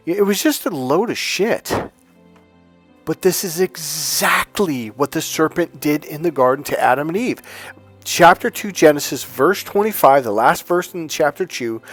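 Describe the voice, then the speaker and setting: A man who coaches on dating and relationships, talking casually to his channel as an outspoken, animated storyteller. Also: a little high, moderate pace, soft background music.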